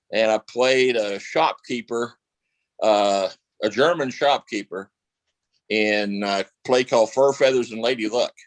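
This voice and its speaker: A man recounts his past in a relaxed interview, rambling and circling back with fillers. His voice sits at an ordinary pitch. The sound is dry and close. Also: dry recording, low-quality recording. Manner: rambling, many fillers and restarts. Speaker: actor guest. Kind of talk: casual interview storytelling.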